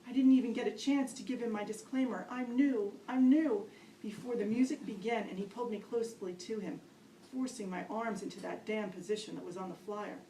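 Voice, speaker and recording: A woman reading her own story aloud at a poetry event, wry and self-mocking, with lively asides. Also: mid-range voice, a little fast, slight background noise. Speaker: poet reading her work. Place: gallery reading room. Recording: roomy, distant live-event recording.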